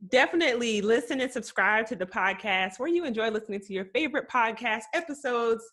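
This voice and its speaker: A woman's voice: fairly high pitch, expressive, fairly quick, hardly any pauses, a bit bright, slight background noise. A woman hosting a podcast interview, chatty and rambling, laughing easily between remarks. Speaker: podcast host.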